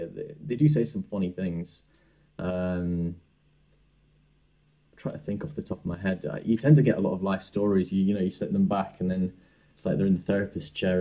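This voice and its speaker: A man's voice: low-pitched, warm tone, highs cut off. A young man, a dentist, hosting a casual podcast interview and talking with many fillers and restarts. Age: young adult.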